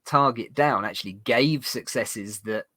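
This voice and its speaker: A man narrating as game master of a tabletop game, rambling and halting with many fillers. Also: mid-range voice, a bit bright, dry recording.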